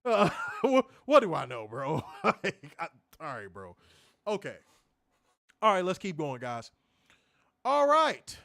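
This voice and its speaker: A young man casually reviewing a wrestling show, excitable and slangy, laughing often and repeating phrases. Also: a little high, unhurried, no echo. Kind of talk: casual live-stream commentary reading chat.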